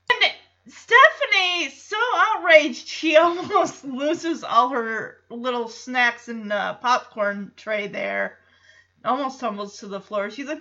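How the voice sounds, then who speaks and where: A woman's voice: high voice, unhurried. A woman casually recapping a sitcom episode, acting out the characters' lines in different voices and laughing often. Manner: animated, acts out quotes in voices, laughs often. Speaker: show recapper. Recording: slightly dull lo-fi sound.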